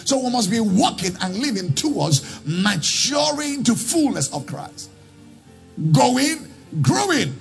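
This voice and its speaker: A man preaching a sermon as pastor, swinging into sung, chanting lines and shouted calls to the congregation. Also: extremely high pitch, sing-song, slow pace, vocal fry, faint music behind.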